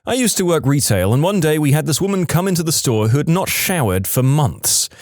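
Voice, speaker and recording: A man reading reddit stories aloud in a lively, expressive way. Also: fairly high pitch, fairly quick, dry recording, studio quality. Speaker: reddit story narrator.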